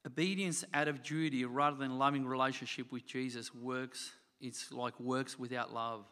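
A man's voice: medium pitch, steady tone, moderate pace, a bit bright. A man preaching a sermon to his church. He talks earnestly, repeats phrases and asks the congregation rhetorical questions. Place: church hall. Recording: long hall reverb.

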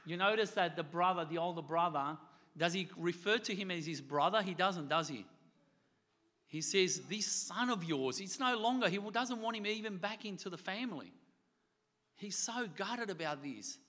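Bright-voiced man preaching in a reverberant hall. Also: sits high, expressive, moderate pace. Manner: earnest, repeats phrases and asks rhetorical questions. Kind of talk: sermon. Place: church hall.

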